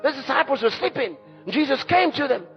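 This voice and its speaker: A pastor preaching a sermon emphatically, with sudden shouts and dramatic drops. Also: male voice, very high-pitched, animated, fairly quick. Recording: dull lo-fi sermon recording with faint music.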